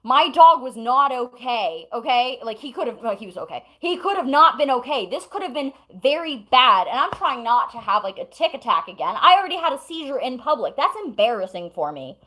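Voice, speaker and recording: A woman's voice: high voice, big pitch swings, brisk, hardly any pauses, pushed and bright, low-quality recording. A woman streamer at home telling chat a long story in a casual, rambling way, breaking off to talk to chat and her pets.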